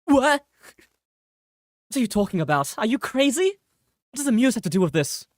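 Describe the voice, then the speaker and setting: A streamer with a northern English accent voicing a bossy, panicky young female commander from a game, in shrill, indignant outbursts. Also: sing-song, moderate pace, no room sound, studio quality, lightly acted.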